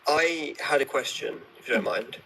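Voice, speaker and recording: A man calling in to a livestream who reads quickly and pushes argumentative questions. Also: mid-range voice, sharp tone, a little hiss or hum, low-quality recording. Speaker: caller on a livestream. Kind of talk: casual call-in debate.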